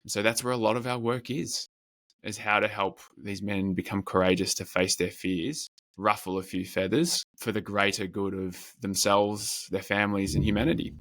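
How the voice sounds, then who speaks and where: Man, low voice, earnest measured men's coach, dry close sound. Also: fairly even intonation, a bit bright, no room sound. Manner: earnest, measured, speaks in lists. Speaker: men's coach, podcast guest. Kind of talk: reflective interview talk.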